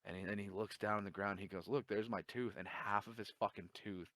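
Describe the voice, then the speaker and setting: A man's voice: lowish voice, brisk, no room sound. A man telling a long story in casual chat, swearing a lot and acting out the dialogue. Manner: profane, animated storytelling with quoted dialogue.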